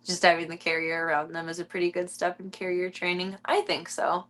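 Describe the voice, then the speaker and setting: A woman's voice: on the low side, completely flat delivery, a little fast, fairly bright tone. Giggly woman cooing at her kittens. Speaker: streamer. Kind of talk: casual chat with her cats.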